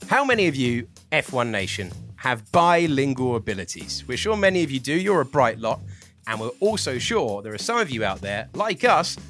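A man co-hosts a sports podcast with a lively, swooping pitch. He sounds enthusiastic, and faint music plays underneath. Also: moderate pace. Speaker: podcast co-host. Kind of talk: podcast chat and ad reading.

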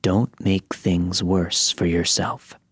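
A man voicing a menacing, gruff male stranger with a gravelly, snarling voice in a spoken horror story. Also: sits low, steady tone, no echo, exaggerated voice. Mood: threatening. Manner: slow, threatening delivery.

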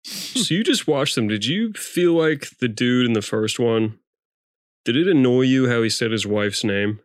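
A mid-pitched man on a podcast, speaking in a dry, close-miked voice. He asks questions, hesitates and lets his sentences trail off in loose conversation. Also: animated, a little slow, dry recording. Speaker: podcast co-host. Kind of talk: casual chat.

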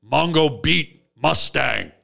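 A man's voice: on the high side, lively intonation, takes it slowly, gravelly, bright, forceful tone, heavily acted. A man voicing a dim, muscle-bound male buddy who speaks in broken third-person grunts. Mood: blunt. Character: dim, brawny caveman-talking male buddy.

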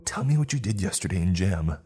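A man voicing a cold, menacing teenage boy who speaks in a low, detached drawl. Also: unhurried, darkish tone.

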